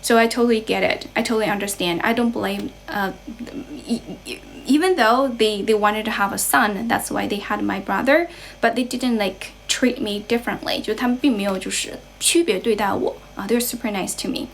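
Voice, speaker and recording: A woman's voice: medium pitch, a little fast, vocal fry, a little hiss or hum, rough recording. A young woman from China with a Chinese accent, chatting casually on a livestream as an English tutor, thanking viewers and patiently explaining with a lot of "right?".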